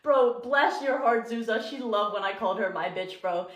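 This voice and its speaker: A woman's voice: fairly high pitch, normal speed. A young woman who is an influencer, angrily ranting and swearing through a storytime video. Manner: angry, profane, emotional rant. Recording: echoey room.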